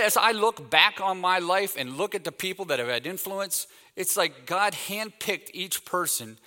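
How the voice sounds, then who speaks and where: A man's voice: sits high, in a large hall. A man in his fifties, raised in Texas, giving a sermon as a guest speaker, telling stories and acting out the dialogue in them. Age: 50s. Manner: animated anecdotal storytelling, acts out quoted dialogue. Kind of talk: sermon with storytelling.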